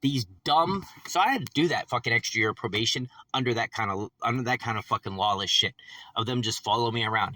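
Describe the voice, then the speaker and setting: A man's voice: mid-range voice, quick pace, sharp tone, no echo. A man ranting in a rambling vlog, agitated and profane, repeating himself as he tells his story. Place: in a vehicle after work. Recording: distant mic with faint vehicle noise.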